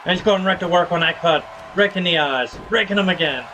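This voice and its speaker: Male streamer, casual play-by-play caller, slightly raised pitch, light background noise. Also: a little fast, bright, forceful tone. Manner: casual, hypes viewers with slang. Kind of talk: play-by-play game commentary.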